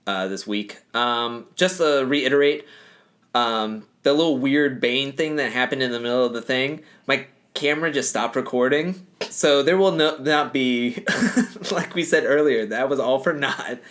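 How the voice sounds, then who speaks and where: A man's voice: medium pitch, unhurried, fairly bright tone. Male comedy podcast co-host, casual and joking, mid-range voice. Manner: joking, laughs between lines.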